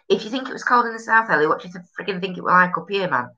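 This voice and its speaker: A woman's voice: lowish voice, lively intonation, very fast, hardly any pauses, sharp tone, lo-fi sound. A woman with a Yorkshire accent hosting a casual live stream, chatting bluntly and rambling with sweary northern slang. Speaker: live stream host reading viewer comments. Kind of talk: casual chat.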